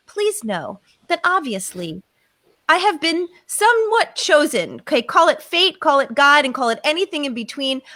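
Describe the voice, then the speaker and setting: Middle-aged woman, bright emphatic storyteller, dry close sound. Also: fairly high pitch, no room sound. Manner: emphatic, acts out her own inner voices. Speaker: psychotherapist guest. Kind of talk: personal storytelling on a podcast.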